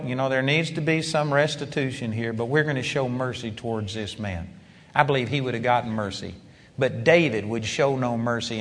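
A man's voice: mid-range voice, fairly bright tone, in a large hall. A man preaching a sermon, retelling a story with emphatic rises and asides.

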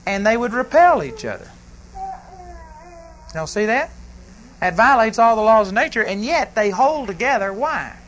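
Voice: medium pitch, a bit bright, rough recording. Preacher, folksy and rambling, mid-range voice, faint background hiss. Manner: folksy, rambling, prompts the congregation and corrects itself. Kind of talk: sermon. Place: church service before a congregation.

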